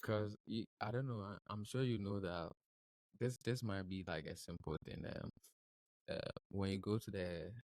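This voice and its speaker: A man from Ghana hosting a podcast, asking questions in a casual, hesitant way with many pauses and restarts. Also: lowish voice, a little mellow, no echo. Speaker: podcast host. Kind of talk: casual interview chat.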